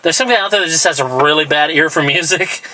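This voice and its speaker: A man's voice: fairly high pitch, rapid-fire, sharp tone, low-quality recording. A man co-hosting a podcast, chatting loosely with crude jokes and frequent laughter. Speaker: podcast co-host. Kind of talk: casual chat.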